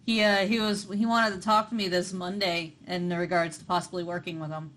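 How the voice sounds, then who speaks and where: A woman playing a tabletop game, blunt and excitable. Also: lowish voice, brisk, slight background noise, low-quality recording. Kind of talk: casual chat.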